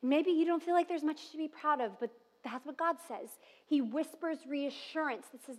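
A woman in her thirties preaching a sermon, telling family stories and dropping to soft, tender tones. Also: sits high, moderate pace. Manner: warm storytelling with soft tender asides and laughs. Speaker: pastor. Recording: long reverb of a large hall.

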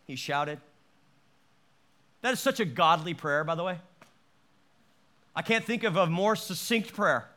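A man preaching a sermon, animated, with stammered restarts and acted-out quotes. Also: sits high, moderate pace, pauses often. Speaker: pastor.

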